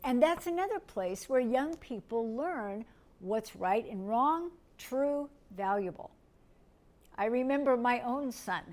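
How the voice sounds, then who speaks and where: A middle-aged woman from the United States, teaching a lecture in a gentle, step-by-step way and asking her listeners questions. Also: on the high side, lively intonation, slow pace. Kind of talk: recorded lecture.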